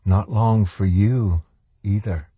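A man voicing a soft, pleasant-sounding young man who is quietly menacing, in an audiobook. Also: fairly low pitch, steady tone, slow pace, slightly rough, no room sound. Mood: soft menace. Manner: soft and gently coaxing. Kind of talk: audiobook character voice.

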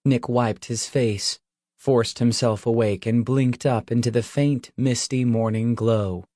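A man reading a dark novel aloud at a slow, unhurried pace, with a mid-pitched voice. The recording is close and dry, like a home booth. Each sentence is laid down evenly and deliberately. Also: no room sound. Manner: measured, even storytelling. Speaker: audiobook narrator. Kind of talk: scripted audiobook narration.

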